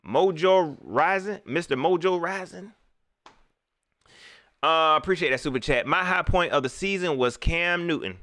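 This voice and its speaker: Bright, lively male host, emphatic casual live-stream rant, dry close sound. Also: fairly high pitch, no echo. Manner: animated, emphatic, repeats phrases.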